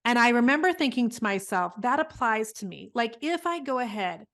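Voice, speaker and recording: A middle-aged woman guest in an interview, telling stories in an earnest, animated way. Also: a little high, a little fast. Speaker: guest, business coach. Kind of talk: conversational interview.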